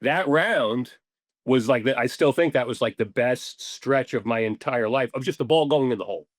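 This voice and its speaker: A man, a podcast guest, telling stories in a casual, animated way, swearing now and then and acting out what people said. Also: mid-range voice, moderate pace, dry recording, clean studio sound. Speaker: podcast guest, ball marker maker. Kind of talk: casual storytelling interview.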